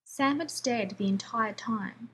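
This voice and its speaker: A woman narrating a prose story aloud with a measured, even storytelling manner. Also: a little high, a little hiss or hum, poor audio. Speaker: reader.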